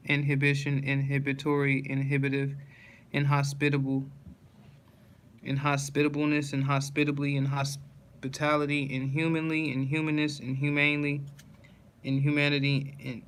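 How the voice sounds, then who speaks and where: A man reading a long list of dictionary words aloud in a steady recitation, with occasional slips and restarts. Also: mid-range voice, a little hiss or hum, low-quality recording. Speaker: word-list reader.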